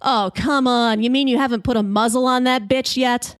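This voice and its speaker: A woman's voice: a little high, steady tone, moderate pace, clean tone, no room sound, natural voice. Jeering fedora-wearing heckler, as a woman puts him on, rude, dry close sound. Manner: jeering, insulting.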